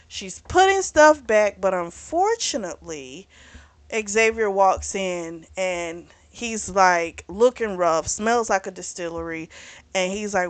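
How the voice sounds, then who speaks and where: A woman's voice: medium pitch, expressive, takes it slowly. A woman casually recapping a romance novel for her book review channel, candid and chatty, swearing freely as she retells the scenes.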